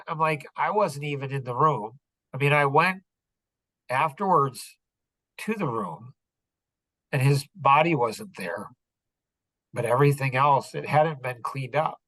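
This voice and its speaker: A man's voice: on the high side, pushed and bright, dry recording. A middle-aged man telling a personal story on a podcast, earnest and rambling, full of "like" and "you know". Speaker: podcast speaker.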